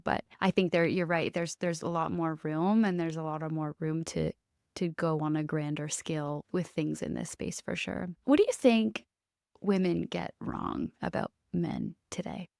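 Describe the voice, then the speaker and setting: A woman's voice: lowish voice, moderate pace, gravelly, a little mellow, dry recording, clean studio sound. A woman hosting a podcast, asking questions in a chatty, casual way with lots of "like.". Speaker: podcast host. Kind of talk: casual interview chat.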